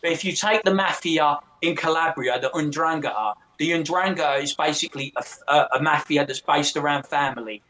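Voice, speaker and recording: A man in loose casual chat, his voice pitched a little high. He swears a lot and acts out other people's voices while telling his stories. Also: fairly quick, hardly any pauses. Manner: profane, animated storyteller who mimics others.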